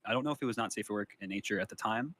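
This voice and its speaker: A low-voiced man answers interview questions from memory. He hesitates often and fills his answers with ums and restarts. He keeps correcting himself as he goes. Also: racing, a bit bright. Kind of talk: recalled account in an interview.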